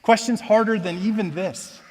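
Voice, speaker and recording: A man giving a personal testimony at church, telling his story in a conversational, self-deprecating way that moves between lively retelling and quiet reflection. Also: high voice, a little slow, in a large hall. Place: church auditorium.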